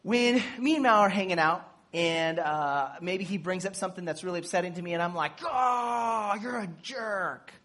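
Animated preacher acting out dialogue. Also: medium pitch, a little fast, hardly any pauses. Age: adult with children. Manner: animated, acts out quoted dialogue; jokes and laughs while teaching. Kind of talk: casual sermon.

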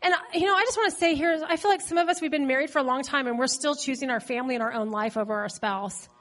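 Casting: high-pitched woman preacher with a cold, humorous, chatty sermon delivery. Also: quick pace, a bit bright. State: has a cold. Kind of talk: conversational sermon.

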